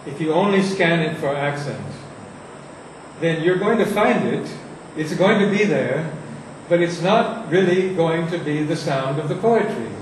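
Recorded at a distance in a heavily echoing room, with faint noise behind him, a man teaches how to read poetry aloud. His voice sits a little high, and he recites slowly and deliberately, hitting the stressed words hard.

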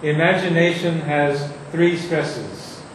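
A man teaches a class on reading verse aloud, his voice sitting a little high. He speaks slowly and deliberately, leaning hard on the stressed words. The recording is distant and very echoey, with faint noise behind. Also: fairly even intonation. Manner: slow, deliberate, recites lines with heavy emphasis. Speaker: poetry teacher. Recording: echoey room from far off.

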